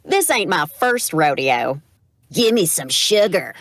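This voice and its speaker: A woman's voice: lowish voice, sing-song, slow, fairly bright tone, dry recording, clean studio sound, voice pushed down, heavily acted. A woman voicing a genteel, prim Southern belle with a sweet drawl.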